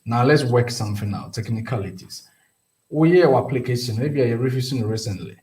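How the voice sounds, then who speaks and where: A man's voice: medium pitch, fairly quick, darkish tone, echoey room. A man with a Ghanaian accent, a lawyer giving legal advice on a talk show, explaining at length and mixing English with Twi phrases. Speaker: immigration lawyer.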